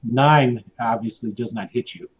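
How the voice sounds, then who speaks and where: A man with a medium-pitched voice narrates at a measured pace as game master of a tabletop game. He's casual and rambling, full of fillers and restarts, on muffled lo-fi audio with clear background noise.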